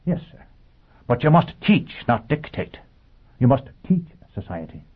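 A man's voice: mid-range voice, big pitch swings, a little slow, husky, voice pushed up. A man voicing a cheerful, polite male bartender robot that lectures serenely. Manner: politely beaming, preachy. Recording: tinny phone-like audio.

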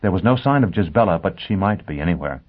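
A man reading a story aloud as narrator in a measured, dramatic way. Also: deep voice, lively intonation. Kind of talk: audiobook narration. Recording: tinny phone-like sound.

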